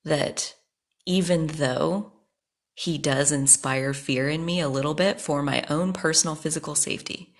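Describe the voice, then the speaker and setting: A woman's voice: sits low, a little slow. A woman hosting a podcast, talking frankly and at length about her life, swearing freely when angry. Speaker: podcast host. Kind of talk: personal monologue.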